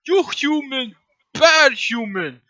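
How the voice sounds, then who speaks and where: A man's voice: extremely high pitch, expressive, no echo, muffled recording, voice pushed up, exaggerated voice. Man voicing a dim brutish guard creature. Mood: gruff dim. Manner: clipped broken grammar, slow and loud.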